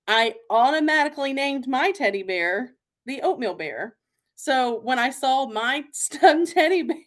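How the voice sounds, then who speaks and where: A woman's voice: sits high, a bit bright. A young adult woman hosting a podcast, chatting casually in a rambling way with lots of fillers and giggles. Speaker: podcast host. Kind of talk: casual chat.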